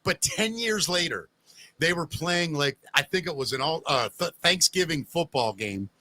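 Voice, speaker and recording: Bright, dry-sounding male radio host, animated storyteller, casual chat. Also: a little high, moderate pace, dry recording. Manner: animated storyteller, acts out quoted voices.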